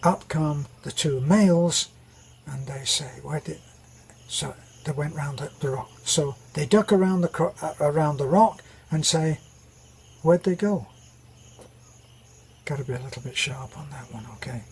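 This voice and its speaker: A man hosting his channel, telling jokes in a rambling way with many pauses and restarts. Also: on the high side, slightly rough, poor audio. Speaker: channel host. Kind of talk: casual joke telling.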